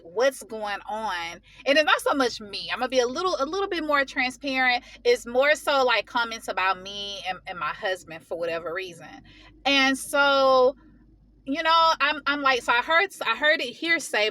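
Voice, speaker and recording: A woman telling a personal story in a casual vlog, venting heatedly in slangy, animated talk. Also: on the high side, dry recording. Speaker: vlogger.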